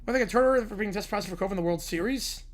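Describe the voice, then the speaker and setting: A hoarse man streaming, giving quick offhand replies to chat in a casual Q&A. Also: sits high. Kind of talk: casual livestream Q&A.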